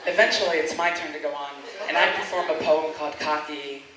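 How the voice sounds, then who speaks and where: A woman's voice: low-pitched, brisk, far from the mic, crowd noise. A woman performing a spoken word piece, speaking with impassioned, defiant emphasis. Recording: very echoey room.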